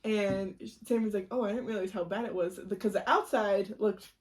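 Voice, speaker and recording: A woman's voice: mid-range voice, fairly even intonation, normal speed. A young woman co-hosting a podcast, telling a story in casual chat, acting out the quotes, laughing and swearing. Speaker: podcast co-host.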